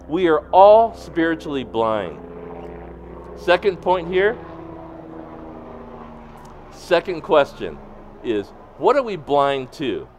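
Guy pastor w/ preaching, voice bouncing all over, drops quiet then punches it. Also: medium pitch. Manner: preaching with swings between hushed and emphatic. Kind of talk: sermon.

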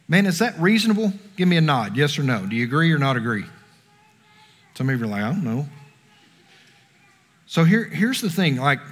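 A man preaching a conversational sermon, asking the congregation questions. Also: mid-range voice. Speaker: pastor. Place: church sanctuary. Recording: long reverb of a hall.

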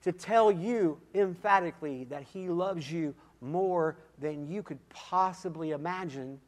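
A man giving a sermon testimony, swinging from quiet, intimate moments to loud, emphatic calls, with repeated "come on" and "listen". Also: a little high, unhurried. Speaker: guest speaker giving testimony.

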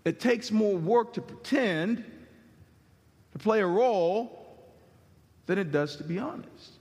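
High-pitched man preaching in a hall with long reverb, animated and casual. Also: takes it slowly. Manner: animated, conversational, slangy. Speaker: pastor. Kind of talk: sermon.

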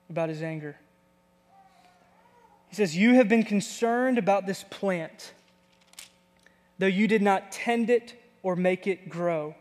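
Higher-voiced pastor preaching in a hall. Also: male voice, darkish tone. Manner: emphatic, conversational preaching. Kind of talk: sermon.

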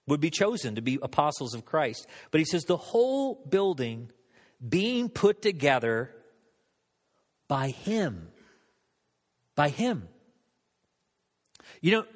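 A man's voice: on the high side, big-room sound. A man preaching a sermon, telling a story about himself in a casual, self-mocking way. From Southern United States. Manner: storytelling, conversational, self-deprecating. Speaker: pastor.

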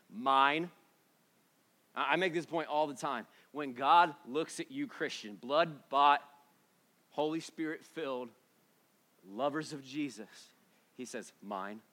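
A man in his thirties preaching a sermon in a conversational, emphatic way, dropping to hushed tones and then rising to loud declarations. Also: mid-range voice. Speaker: pastor.

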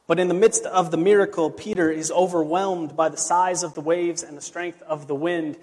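A man, a pastor, preaching a sermon in a relaxed storytelling way with casual asides. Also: a little high, normal speed, hardly any pauses. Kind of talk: conversational sermon. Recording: long reverb of a large hall.

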